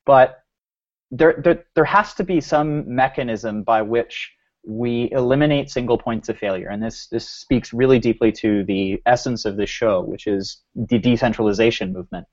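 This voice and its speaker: A man's voice: mid-range voice, moderate pace, a little mellow, highs cut off. A man co-hosting a podcast, musing aloud in a rambling way full of restarts and fillers. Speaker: podcast co-host. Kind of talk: casual podcast discussion.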